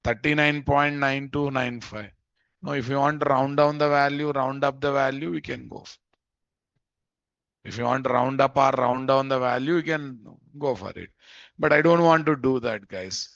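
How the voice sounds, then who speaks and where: A man's voice: medium pitch, moderate pace, gravelly, a bit bright, no room sound. A man teaching a live coding lesson. He thinks aloud, repeats phrases, and keeps checking in with "guys?". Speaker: programming instructor. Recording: dull, dry lo-fi mic audio.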